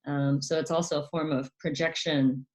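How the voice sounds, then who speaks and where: A woman hosting a casual educational talk, speaking softly with many ums and acting out quoted parents in a higher voice. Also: steady tone, normal speed. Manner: soft-spoken, frequent ums, quotes parents in a higher, sharper voice. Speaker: channel host.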